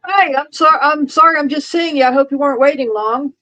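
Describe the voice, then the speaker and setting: A middle-aged woman talks to her live-stream viewers in a loose, rambling way. Her voice sits a little high. She restarts her sentences often and keeps a dry, sarcastic edge. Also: fast talker, bright, forceful tone, poor audio. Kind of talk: casual live-stream chat.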